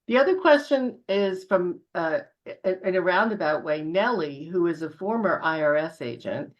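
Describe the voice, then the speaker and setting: A woman hosts a casual video chat in a fairly low voice. She sounds upbeat as she relays the audience's questions to her guest. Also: animated, moderate pace, lo-fi sound. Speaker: host.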